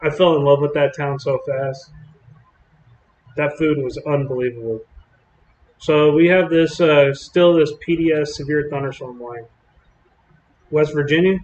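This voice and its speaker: A man's voice: on the high side, a little mellow, echoey room, muffled recording. A man from Texas giving casual, rambling live-stream commentary on storms while chatting with viewers. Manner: chatty, rambling, drawling with fillers.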